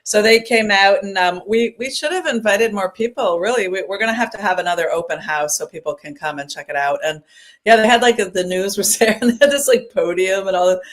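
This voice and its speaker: A woman's voice: mid-range voice, fairly quick. A woman in her fifties from upstate New York, chatting as a guest over a video call, laughing often and restarting her sentences. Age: 50s. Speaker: guest musician. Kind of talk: casual chat.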